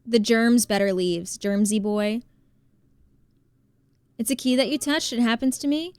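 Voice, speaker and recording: Jersey girl streaming a game, kinda high voice, talks to chat nonstop, dry close sound. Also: a little mellow, clear, resonant tone, no echo. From New Jersey. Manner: chatty, reads out and thanks chat, quick to exclaim. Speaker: live streamer. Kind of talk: casual live-stream chat while gaming.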